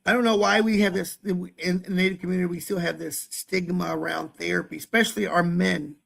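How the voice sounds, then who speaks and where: A man's voice: high-pitched, steady tone, brisk, gravelly, a bit bright. A young man co-hosting a podcast, talking candidly with a rambling, self-deprecating manner over a webcam at home. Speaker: podcast co-host. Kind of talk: casual chat. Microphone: webcam, set high.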